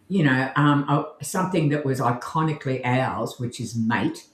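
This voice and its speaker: A man's voice: mid-range voice, moderate pace, few pauses. A man with an Australian accent co-hosting a podcast in easygoing, rambling casual chat. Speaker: podcast co-host. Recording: roomy echo.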